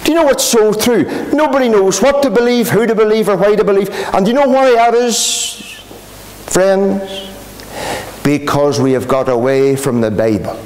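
A man's voice: sits high, moderate pace, darkish tone. A Northern Irish pastor preaching an emphatic, repetitive gospel sermon in a gospel hall, calling his listeners friends.

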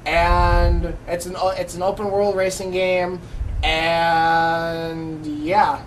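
A man's voice: high-pitched, flat delivery, takes it slowly, slight background noise, low-quality recording. A man co-hosting a casual podcast, recapping a press conference with many fillers and restarts. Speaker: podcast co-host.

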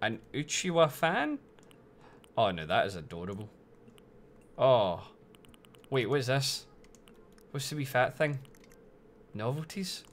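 A young Scottish man streaming a game, loud and sweary, with bursts of playful mock outrage. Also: medium pitch, sing-song, slow, long pauses, slight background noise. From Scotland. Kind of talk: casual live-stream commentary.

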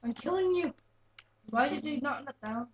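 A woman with a slightly high voice, chatting playfully beside children as they play a video game. She teases and jokes along with them in a relaxed, casual way. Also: normal speed, slight background noise. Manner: joking and teasing along with children.

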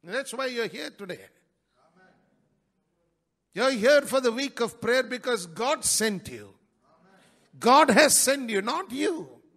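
A male pastor preaching a sermon in a church, breaking into sudden loud rises and dropping into quick, quieter asides. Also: very high-pitched, sing-song. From India.

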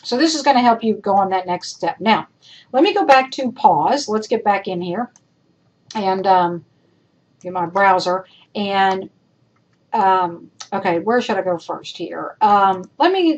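A woman's voice: mid-range voice, lively intonation, unhurried, breathy edge, highs cut off. A woman instructor recording spoken feedback for her students, emphatic and repetitive, calling them folks as she works through points. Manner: emphatic, repeats points, addresses class as folks. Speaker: college instructor.

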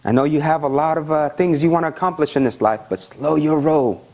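A male pastor preaching a sermon in a conversational, animated way, often checking in with "okay?" and acting out the voices of the people he describes. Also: on the high side, fairly quick. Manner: acts out voices of excited young believers.

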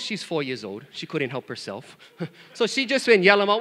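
A male pastor preaching to his congregation in an animated, joking way, calling out to them for responses. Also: high voice, a little fast. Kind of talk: sermon. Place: church. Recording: reverberant church hall.

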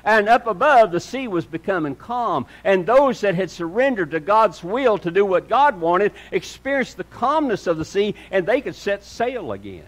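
High-voiced preacher guy, earnest sermon, gets loud then drops real low, keeps saying dear friend. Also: big pitch swings, normal speed, hardly any pauses. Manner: earnest preaching, swings between loud and hushed; addresses listeners as "dear friend". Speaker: pastor.

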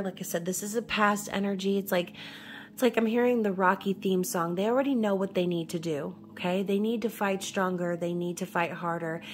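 A woman's voice: medium pitch, slight background noise. A woman from New York giving a casual tarot reading, chatty and reassuring, often checking in with "okay?". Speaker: tarot reader.

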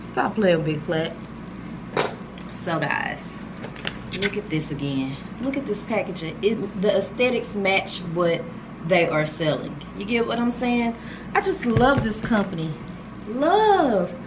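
A woman's voice: mid-range voice, lively intonation, unhurried, background noise. A woman, chatting casually and gushing to viewers as she unboxes gifts for her vlog, filmed on a handheld camera. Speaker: vlogger.

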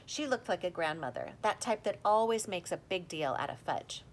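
A woman narrates a children's book aloud with a lively, expressive read. Her pitch moves a lot from line to line. A faint low rumble sits under the recording. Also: moderate pace. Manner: lively, expressive reading, voicing the characters. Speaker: audiobook reader. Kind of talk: storybook narration with character voices.

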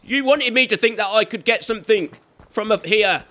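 A man's voice: sits high, normal speed, sharp tone. A man giving chatty let's play commentary, teasing and scolding the game and its characters as he plays. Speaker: gaming YouTuber.

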